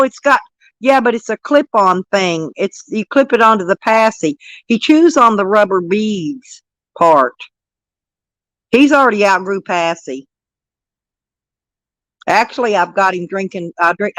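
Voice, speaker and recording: A woman's voice: mid-range voice, a bit bright, dry recording, low-quality recording. Older woman cooing baby talk. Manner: sing-song baby talk to a grandchild, laughing often. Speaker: vlogger and grandmother. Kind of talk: casual live-stream chat.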